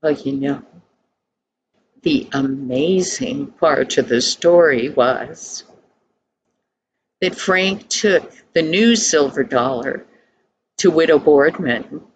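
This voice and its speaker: An older woman narrating a storybook tale in a soft, hushed, unhurried way. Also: low-pitched, slight background noise, rough recording.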